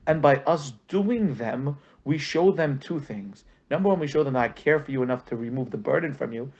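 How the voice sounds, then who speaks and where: A man teaching a marriage lesson as a rabbi, talking conversationally with lots of fillers and animated stories. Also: a little high, muffled recording. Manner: conversational, many "you know" fillers, animated storytelling. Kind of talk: informal lecture with anecdotes.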